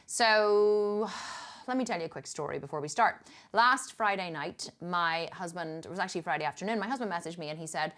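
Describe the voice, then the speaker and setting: A woman's voice: on the low side, expressive, fast, fairly bright tone. A middle-aged woman from Northern Ireland with a Northern Irish accent, telling a story in a chatty, emphatic vlog style. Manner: chatty and emphatic, with frequent restarts and laughs. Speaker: fitness coach.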